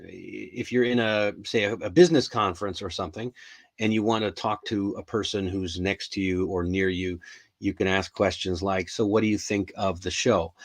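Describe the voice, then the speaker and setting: A middle-aged man hosting a live English lesson, talking in a chatty, rambling way with frequent ums and restarts. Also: on the low side. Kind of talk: casual live-stream lesson.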